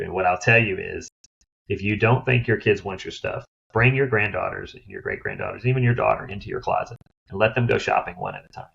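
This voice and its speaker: A middle-aged man speaks as an interview guest in a low, gravelly voice with a husky edge. He tells animated stories and acts out the voices of the people in them. The recording sounds slightly dull and lo-fi. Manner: animated storyteller who acts out others' voices. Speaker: guest, downsizing expert. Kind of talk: interview storytelling.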